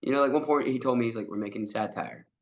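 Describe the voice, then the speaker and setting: A man's voice: mid-range voice, fast. A man with a cold, a guest actor telling a story in casual chat, laughing often and acting out the quotes. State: has a cold.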